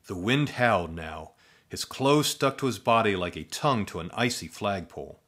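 A man narrating a comic spooky story in a dry, deadpan manner with playful asides. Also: fairly low pitch, normal speed.

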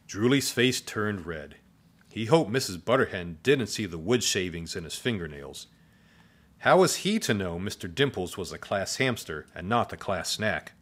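A man reading a children's story aloud in a playful, expressive way. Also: on the low side, normal speed.

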